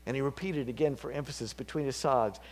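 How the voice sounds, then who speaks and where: A man preaching a sermon, casual and chatty, dropping to whispers and climbing to loud, fervent peaks. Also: medium pitch, fast. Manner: conversational, with fillers and slips.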